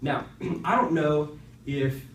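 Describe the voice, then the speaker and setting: A man gives a conversational Bible lesson to a high school class. He tells the story in an animated way and adds rhetorical asides to the students. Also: takes it slowly, echoey room, far from the mic, a little hiss or hum, poor audio. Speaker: youth speaker teaching a class.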